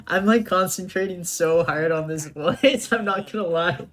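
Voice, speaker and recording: A game streamer chatting casually during a play-through, excitable and slangy, laughing often. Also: medium pitch, normal speed, hardly any pauses, soft background music.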